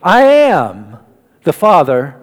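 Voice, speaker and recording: A solemn, hushed male voice of God speaking from a burning bush, as a preacher acts it out. It comes slow and low, softer than the lively sermon around it, and rings with the long reverb of a large hall. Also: full character voice.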